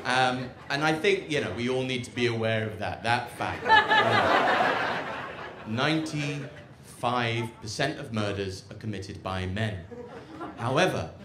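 Plummy English stand-up, sardonic, lively pitch; roomy live recording with loud crowd. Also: male voice, takes it slowly, heavy background noise. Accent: posh English. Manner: plummy, sardonic, swerving between mutters and outbursts. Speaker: stand-up comedian. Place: open-air rooftop club stage with live audience. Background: audience laughter.

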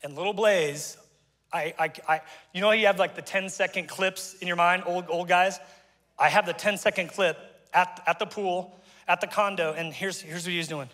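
High, bright-voiced pastor in a hall. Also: male voice, fairly even intonation, normal speed. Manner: conversational, joking asides to the congregation. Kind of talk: sermon. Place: church auditorium. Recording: long church hall reverb.

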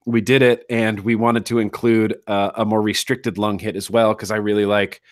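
A man's voice: on the low side, level tone, normal speed, dry recording, studio quality. A man talking as a guest in a casual interview, enthusiastic and repeating phrases for emphasis. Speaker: guest, atomizer designer.

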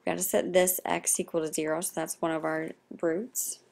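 A young woman, a math teacher, explaining a recorded lesson in a quiet, half-whispered voice. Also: on the low side, level tone, brisk, creaky.

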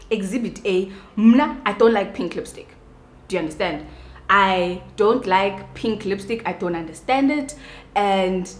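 A young woman with a South African Xhosa accent talks straight to camera while she does her makeup, in an animated, ranting way. She slips between English and Xhosa and keeps checking that her listeners understand. Her mid-pitched voice rings in a bright, echoey room at home. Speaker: beauty vlogger.

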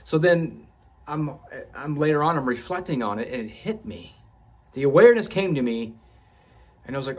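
Husky-voiced man, podcast host, candid and profane storytelling, stumbles and restarts often. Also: medium pitch, lively intonation, moderate pace, long pauses.

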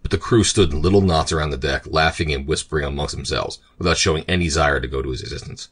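Man, audiobook narrator, deep, husky, steady and measured.

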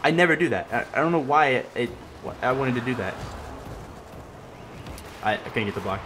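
Excitable young man yelling at his teammate. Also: mid-range voice, fairly quick, a little hiss or hum. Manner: excitable, swings from yelling to mumbling asides. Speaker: gaming commentator. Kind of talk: casual gameplay commentary.

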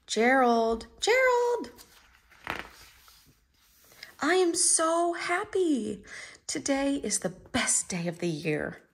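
A woman voicing an excitable, cheerful little female pig in a storybook read-aloud, with a bubbly, squealing delivery. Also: high voice, slow pace, a little hiss or hum, voice pushed up, full character voice. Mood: excited.

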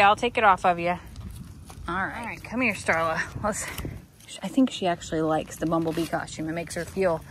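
A woman's voice: mid-range voice, a bit bright, a little hiss or hum. A woman outdoors filming her goats in Halloween costumes, chatting casually and talking to them in affectionate baby talk. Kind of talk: casual vlog talking to animals.

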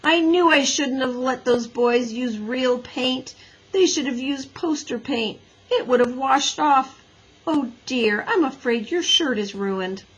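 A woman reading as a fussing storybook teacher, breathy, worried, scolding, a touch higher. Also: takes it slowly, fairly bright tone, heavily acted, low-quality recording. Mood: fretful. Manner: fretful, worried. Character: fussing schoolteacher woman, kind but flustered.

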